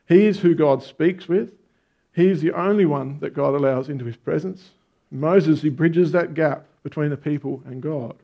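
A man preaching a conversational sermon, telling stories with emphatic stresses. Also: a little high. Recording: dull lo-fi sound.

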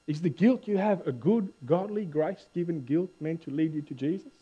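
A male pastor delivers a sermon in a fairly high, warm and mellow voice. He swings from near-whispers to loud emphasis and repeats words when he corrects himself. The recording sounds dull and lo-fi. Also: lively intonation, normal speed, hardly any pauses, breathy edge. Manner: conversational preaching with sudden swings between hushed and loud.

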